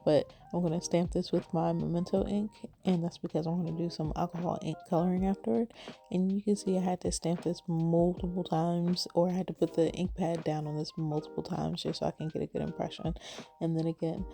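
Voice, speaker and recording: Low gravelly woman crafter. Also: warm tone. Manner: chatty and rambling, with fillers. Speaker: card-making crafter. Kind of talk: casual craft voice-over.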